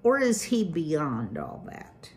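A woman's voice: low voice, huge pitch swings, takes it slowly, full character voice. A woman voicing a pompous, scolding old male mouse, the head of a large family, in a storybook reading. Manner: scolding, haughty.

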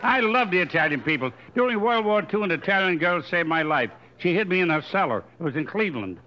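An older man doing stand-up comedy on a hotel stage, firing off quick deadpan one-liners into a stage microphone. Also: high voice, a little hiss or hum. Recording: dull live recording, faint room ambience.

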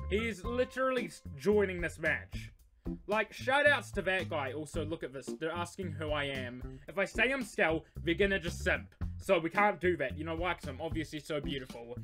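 A young man giving excitable gameplay commentary, breaking into loud yells and squealing laughter. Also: a little high, moderate pace, music in the background. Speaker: gaming YouTuber.

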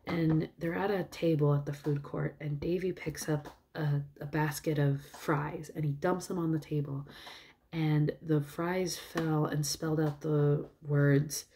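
Young woman vlogger, low warm voice, loose rambling retelling. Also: unhurried, slight background noise. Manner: rambling, with fillers and soft asides. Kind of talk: casual storytelling, retelling a film.

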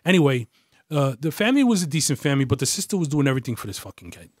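Husky new guy, middle-aged ex-cop, swearing, dry close mic. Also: medium pitch, very animated, rapid-fire, a little mellow, dry recording. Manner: blunt, profane, acts out voices in his stories. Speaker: retired police detective. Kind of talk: casual storytelling interview.

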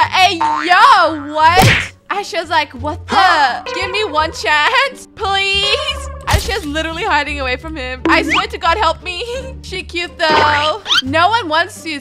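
A young woman giving playful, teasing gameplay commentary as a gaming YouTuber, sassy and giggly as she trashes other players. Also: extremely high pitch. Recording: music playing under the voice.

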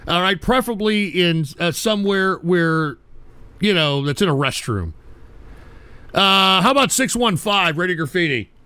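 A man's voice: high voice, expressive, moderate pace, pushed and bright, clean tone, no echo. A man hosting a call-in show, ranting at callers with profane, insulting mockery. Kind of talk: abrasive call-in radio rant.

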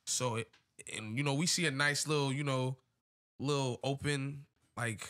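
A man's voice: mid-range voice, fairly even intonation, moderate pace, fairly bright tone. Rambling slangy man. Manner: rambling, many "you know" fillers, slangy. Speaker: podcast co-host. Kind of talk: casual storytelling chat.

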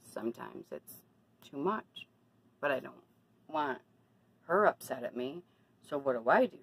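A woman's voice: a bass voice, big pitch swings, a little slow, vocal fry, husky, poor audio. A woman talking casually to her camera in a personal vlog, confiding and then indignant about bad deals. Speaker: vlogger.

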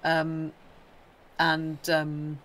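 A British livestream co-host rambles through casual, opinionated chat, stopping for quick bird impressions. The voice is mid-range, monotone, and slightly bright.

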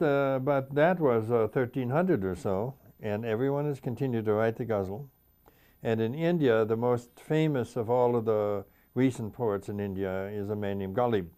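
A man's voice: lowish voice, dark tone, smooth. An older man, a poet, talking reflectively in an interview and reading his own poems aloud, repeating stanzas. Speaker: poet guest. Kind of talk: interview talk and poetry reading.

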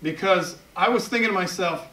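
A Southern man in his fifties tells stories from his cartooning career to an audience, chatty and quick to poke fun at himself. His voice sits fairly high for a man. He is picked up from a distance in a roomy, echoing hall. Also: bright, forceful tone. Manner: chatty, self-deprecating humor. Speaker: editorial cartoonist giving a talk. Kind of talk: public talk to an audience. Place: event hall at a library. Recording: echoey hall, picked up from far off.

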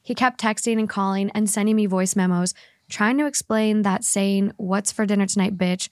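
A woman hosting a podcast, reading a Reddit story aloud with animated delivery, laughing often and swearing casually. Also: medium pitch, normal speed, dry recording, studio quality. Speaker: podcast host.

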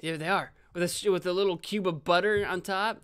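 Bright excitable young man streaming a game. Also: high voice, fairly quick, smooth. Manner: rambling, self-correcting, excitable outbursts. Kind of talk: live game stream commentary.

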